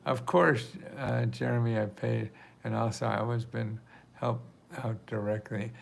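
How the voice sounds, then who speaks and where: A man's voice: medium pitch, fairly even intonation, measured pace, gravelly. An older man hosting a live video stream, answering viewer questions in a chatty, rambling way and laughing often. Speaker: livestream host answering viewer questions about grants. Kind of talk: casual live Q&A.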